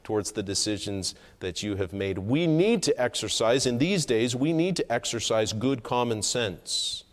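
A man preaching a sermon from the pulpit, earnest and measured, with emphatic rises on key points. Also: medium pitch, lively intonation. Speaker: pastor. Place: church sanctuary. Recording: long hall reverb.

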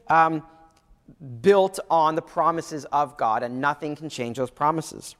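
A man's voice: on the high side, measured pace. A man in his thirties preaching a sermon in a conversational way, often repeating phrases and restarting sentences. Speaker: pastor. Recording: long hall reverb.

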